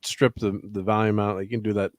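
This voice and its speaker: Middle-aged guy hosting a chill livestream, lowish voice, laughs a lot, dry sound. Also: flat delivery, brisk, no echo. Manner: laid-back, chuckles often, lots of fillers. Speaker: host. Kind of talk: casual livestream chat.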